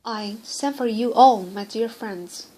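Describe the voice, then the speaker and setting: A woman reading the part of an earnest, gentle dying young girl in an audiobook, solemn and pleading. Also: fairly high pitch, slow pace, poor audio. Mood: tender.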